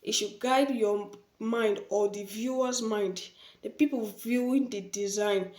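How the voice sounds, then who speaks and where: A woman's voice: mid-range voice, fairly even intonation, a little slow, a little mellow. A woman teaching design basics in an informal spoken tutorial, often repeating her key points and affirming them with "yes". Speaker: design instructor. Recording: echoey room.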